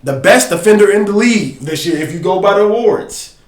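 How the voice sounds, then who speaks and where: A man with a high voice talks through game film on a casual podcast, slangy and animated. He keeps telling someone to pause and play. His voice rings in a roomy, echoey space. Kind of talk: casual sports film breakdown.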